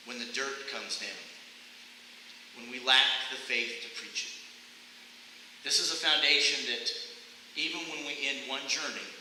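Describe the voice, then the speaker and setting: A man preaching a sermon with a bright, ringing tone. His voice carries through a long, echoing church hall with a faint hiss behind it. He speaks with passion and builds to loud cries. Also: mid-range voice. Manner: impassioned, rising to loud cries when quoting. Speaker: pastor. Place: church sanctuary.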